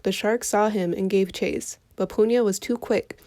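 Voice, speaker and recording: A woman reading a folktale aloud for children in an expressive storytelling voice. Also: mid-range voice, normal speed.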